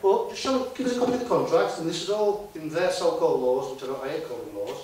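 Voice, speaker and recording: A man's voice: on the high side, very animated, quick pace, a little mellow, slight background noise. A man giving a talk to a live conference audience, chatty and tossing tag questions at the room. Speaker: conference speaker. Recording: very echoey hall, voice far from mic.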